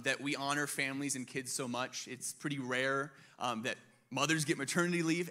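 A man's voice: medium pitch, sharp tone. A man in his thirties preaching a sermon in a conversational, storytelling way, with frequent ums. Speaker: pastor. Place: church sanctuary.

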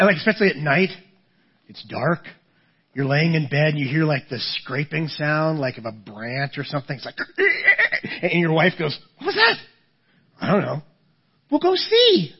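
Male pastor, middle-aged, slightly husky and high-pitched, chatty sermon storyteller, stammers into sentences, muffled lo-fi audio. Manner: storytelling with lively acted-out voices; halting, repeats words when starting a thought.

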